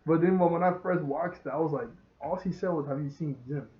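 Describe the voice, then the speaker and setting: Guy reviewing an episode, kinda high voice, rambling and laughing, echoey room, muffled lo-fi sound. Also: brisk. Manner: rambling, excitable, laughs often, retells scenes. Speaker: show reviewer. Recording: roomy, dull lo-fi sound.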